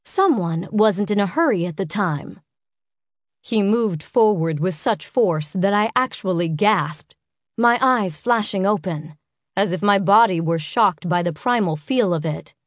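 A woman's voice: medium pitch, lively intonation, measured pace, no echo, studio quality. Woman narrating an intimate audiobook. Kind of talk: first-person romance audiobook narration.

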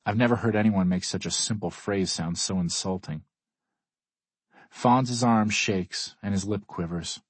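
A man's voice: fairly low pitch, a little slow, breathy edge, dry recording. A man reading a first-person audiobook in a wry, dry way. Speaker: audiobook narrator. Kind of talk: scripted first-person narration.

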